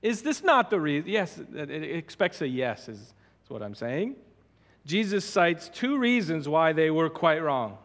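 A male pastor delivers an expository sermon in a fairly high voice, stressing key words and repeating himself for emphasis. His voice carries a long reverb from a church sanctuary. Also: very animated, measured pace, a bit bright.

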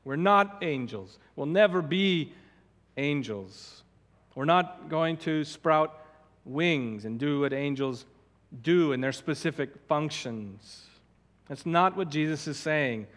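A male pastor delivers an expository sermon in a fairly high voice, stressing key words and repeating himself for emphasis. His voice carries a long reverb from a church sanctuary. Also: animated, slow pace, a bit bright.

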